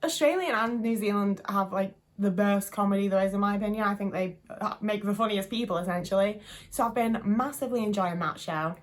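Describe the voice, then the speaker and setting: A young woman talks straight to camera, gushing and rambling. She swears casually and piles on the praise, at a middling pitch for a woman. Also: a little fast. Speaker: vlogger.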